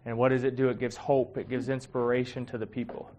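A man's voice: medium pitch, flat delivery, fast talker, warm tone, a little hiss or hum. A man giving a casual, heartfelt sermon, talking conversationally with many fillers and getting emotional. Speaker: preacher.

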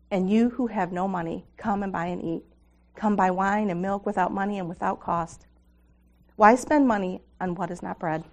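A woman's voice: mid-range voice, a little mellow. Earnest woman reading scripture aloud. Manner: earnest, reads scripture aloud, laughs with audience. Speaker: women's ministry speaker. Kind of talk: devotional talk reading scripture.

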